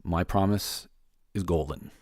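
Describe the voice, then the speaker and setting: Male podcast host, lowish voice, dry close sound, casual rambling solo update. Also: fairly even intonation, a little slow, a little mellow, no room sound. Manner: loose and rambling, many fillers and restarts.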